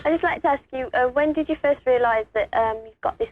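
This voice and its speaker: A woman's voice: high-pitched, fast, faint music behind. Tired woman caller on a tinny phone line. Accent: English. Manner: hesitant, curious.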